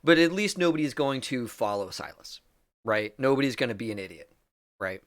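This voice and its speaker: Man, mid-pitched game master, casual and laughing. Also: lively intonation, a little fast, no echo. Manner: loose, laughing, lots of fillers. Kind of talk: narrating a tabletop game.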